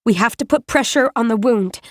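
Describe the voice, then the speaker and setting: A woman's voice: fairly high pitch, brisk, natural voice. A woman voicing a frantic teenage girl who gives urgent orders while tending a wounded boy. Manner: urgent, pleading, commanding.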